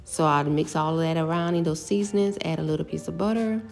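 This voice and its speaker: A middle-aged woman casually talking through her home cooking step by step, relaxed and chatty. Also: low-pitched, fast, creaky, soft background music. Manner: relaxed, step-by-step explaining with fillers.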